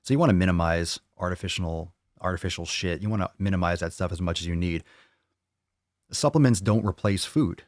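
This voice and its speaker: Low-pitched and a little fast, this man is heard on a dry, clean studio recording. He runs a fitness channel's live Q&A, responding to viewer questions with profane, opinionated, blunt rants.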